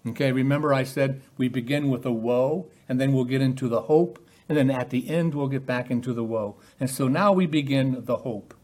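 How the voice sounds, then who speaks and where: A man's voice: medium pitch, fairly quick, few pauses, darkish tone. A man preaching a sermon in a conversational way, often putting rhetorical questions to his listeners.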